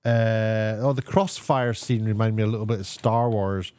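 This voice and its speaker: A man giving a casual spoken TV review, sarcastic and meandering, often pausing to search for words. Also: fairly low pitch, steady tone, a little mellow, smooth, no room sound, studio quality.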